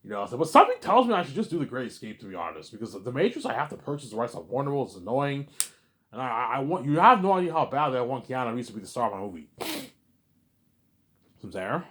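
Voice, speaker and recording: A man hosting his own listening series, talking in a rambling, excited way, stumbling over repeated words and often asking "you know what I'm saying". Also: mid-range voice, quick pace. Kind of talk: rambling casual monologue.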